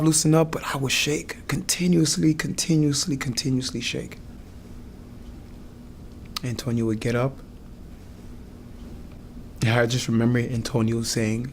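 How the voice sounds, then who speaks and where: A young man earnestly recounting a hard experience in his own words, halting and restarting as he goes. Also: mid-range voice, slight background noise. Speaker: client giving a testimonial. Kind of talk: emotional personal testimonial.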